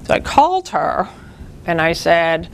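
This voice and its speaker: A woman's voice: on the low side, very animated, measured pace, vocal fry, a little hiss or hum. A woman leading a spiritual group, giving an earnest, informal talk that teaches through personal stories.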